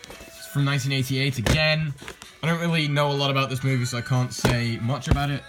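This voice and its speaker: A man's voice: mid-range voice, level tone, fairly quick. A young man from England casually showing off his tape collection, rambling and correcting himself with dry asides. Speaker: video collector host. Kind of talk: casual show-and-tell. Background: music.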